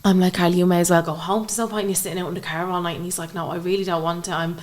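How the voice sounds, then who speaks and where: Racing along in a fairly low, flat voice, a young woman with an Irish accent shares an emotional personal story as a podcast guest. She performs the dialogue she quotes as she talks.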